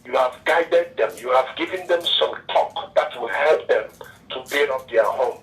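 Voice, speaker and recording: A man's voice: medium pitch, moderate pace, fairly bright tone, distant mic, soft background music, low-quality recording. A man calling a radio show, effusive in praise and pleading with a fellow listener. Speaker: caller. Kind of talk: radio phone-in call.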